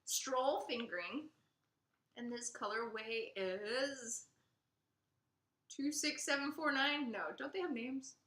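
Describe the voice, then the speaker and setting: A woman co-hosting a casual podcast chat, gushing and excitable, laughing often. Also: sits high, takes it slowly, long pauses. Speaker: podcast co-host. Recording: echoey room.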